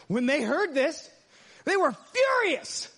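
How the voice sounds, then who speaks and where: Preacher, very high-pitched man, dynamic storytelling sermon delivery. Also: sing-song, slow pace, gravelly. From United States. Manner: dynamic, swings from hushed asides to loud emphatic lines.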